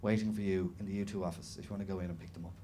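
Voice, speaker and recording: Dry, flat rock-star drummer with an Irish accent, a touch lower in pitch, as a Dublin comedian puts him on. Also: male voice, rapid-fire, slight background noise, natural voice. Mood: deadpan. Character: blunt, flat-spoken famous rock drummer, man.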